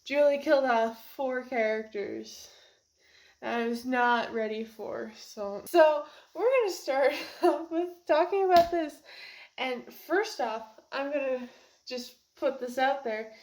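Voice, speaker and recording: A young woman casually reviews a book she just finished for her vlog, her high, slightly mellow voice moving slowly. She rambles emotionally, laughing and teary, close to crying.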